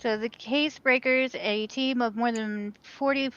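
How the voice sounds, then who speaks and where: A woman's voice: on the high side, steady tone, measured pace, a bit bright, smooth. A woman co-hosting a podcast in casual chat, chatty and stumbling a little when reading news aloud, on a dry, dull-sounding mic. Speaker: podcast co-host.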